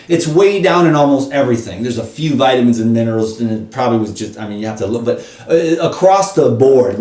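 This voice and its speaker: A man vlogging in an impassioned, preachy casual rant, talking straight to the viewer in animated bursts. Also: mid-range voice, echoey room, far from the mic.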